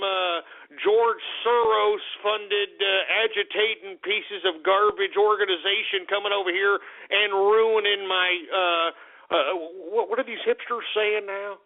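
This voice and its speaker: A man hosting a talk radio show, rambling in a profane monologue full of fillers and sudden outbursts. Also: high voice. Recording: tinny phone-like radio broadcast.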